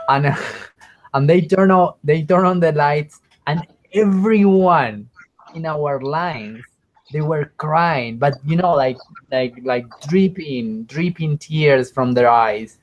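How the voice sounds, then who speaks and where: A man's voice: on the high side, slow, lo-fi sound. A man who is an English student, telling a story in casual conversation practice, hesitant, with many restarts as he searches for words.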